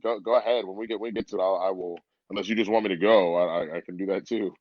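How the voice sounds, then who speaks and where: A man's voice: deep voice, racing, no echo. A man in his early thirties, a comedian guesting on a casual podcast, telling stories with lots of energy, swearing and laughter. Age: 30s. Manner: animated storytelling, swearing, frequent laughter. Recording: dull, muffled remote audio.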